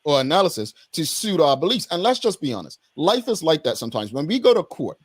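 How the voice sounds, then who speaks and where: A man's voice: fairly high pitch, big pitch swings, fast, slightly rough, no room sound. A man from Bermuda hosting a talk show, conversational and thinking aloud, often repeating himself.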